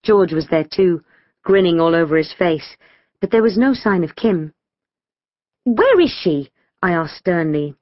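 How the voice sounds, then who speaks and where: A woman narrating a children's audiobook in the first person, telling it with lively storytelling and voicing schoolgirl dialogue. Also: fairly low pitch, normal speed, dry recording, lo-fi sound.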